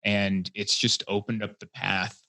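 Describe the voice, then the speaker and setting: A man from Hungary, a guest comedian in a casual podcast conversation, telling stories in a rambling, chatty way that grows animated. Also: lowish voice, a little slow, gravelly, no room sound. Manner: chatty storyteller, rambling with fillers, gets animated.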